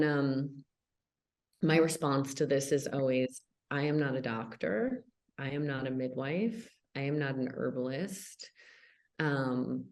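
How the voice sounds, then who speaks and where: A woman's voice: sits low, a little mellow. A woman hosting a podcast interview, speaking casually and hesitantly with many ums and restarts. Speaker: podcast host.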